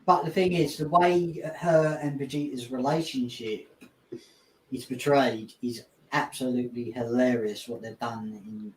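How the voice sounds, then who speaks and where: A man's voice: medium pitch, fairly even intonation, a little slow, a little hiss or hum. A man hosting a casual podcast chat, laid-back and rambling with chuckles. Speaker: podcast host. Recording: roomy echo.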